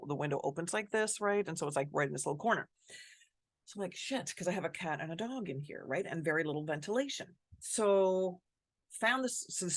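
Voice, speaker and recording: A woman vlogging from home, telling a personal story in a candid, expressive way and swearing freely. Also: low-pitched, no room sound, clean studio sound. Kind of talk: casual personal storytelling to camera.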